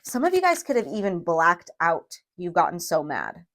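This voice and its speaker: A woman giving a tarot reading to viewers, emphatic and emotional, often checking in with a quick "okay?". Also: fairly low pitch, wildly swooping pitch, a bit bright. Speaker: tarot reader.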